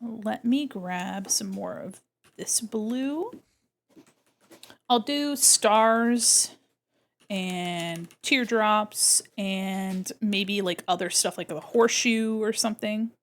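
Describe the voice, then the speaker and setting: A young woman chatting casually and playfully on her art livestream while she draws, talking into a desk microphone. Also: extremely slow. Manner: playful, chatty, imitates her cats with squeaky noises. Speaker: art streamer.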